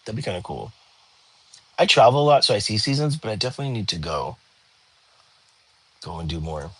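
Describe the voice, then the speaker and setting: A tired young man, hosting a relaxed livestream and chatting with viewers from home. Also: lowish voice, fairly quick, long pauses, slightly rough. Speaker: livestream host. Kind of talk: casual livestream chat. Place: home, lying down.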